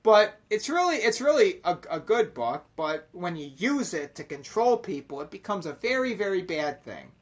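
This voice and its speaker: A man's voice: high voice, very animated, normal speed, hardly any pauses. A man explaining mystical ideas in a casual, rambling monologue, swearing constantly and emphatically.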